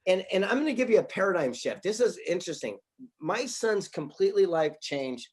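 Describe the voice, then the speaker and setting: A man, an author and speaker, answering interview questions with animated stories and acted-out dialogue from his office. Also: sits high, a little fast. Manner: animated storyteller, acts out quoted dialogue.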